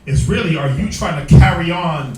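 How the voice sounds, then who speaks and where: A man teaching a Bible study, posing rhetorical questions and pausing on fillers. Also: on the high side, animated, a little mellow. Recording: very echoey room, distant mic, faint noise.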